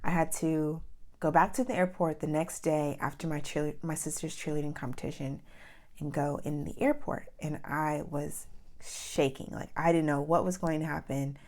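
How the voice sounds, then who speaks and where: A young woman from New York telling a personal story in a casual vlog, animated and full of "like" fillers as she acts out what people said. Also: sits low, normal speed. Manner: animated, with many "like" fillers and acted-out quotes. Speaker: vlogger.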